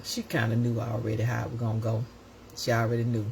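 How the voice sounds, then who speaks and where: A woman, hosting and telling a story in a casual, animated way, often laughing and acting out voices. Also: extremely low pitch, quick pace, creaky, slight background noise. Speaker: host.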